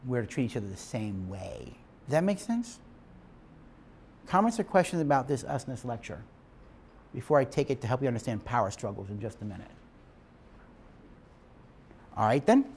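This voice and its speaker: A man's voice: medium pitch, big pitch swings, moderate pace, pauses often, darkish tone, breathy edge. A man giving a lecture to couples, speaking in an emphatic, preacher-like way and asking his class questions. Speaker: marriage teacher.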